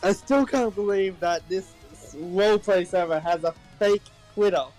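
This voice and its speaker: A man's voice: high-pitched, normal speed, darkish tone, soft background music, low-quality recording. A man co-hosting a podcast in casual chat, mostly listening and giving short laid-back reactions. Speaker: podcast co-host.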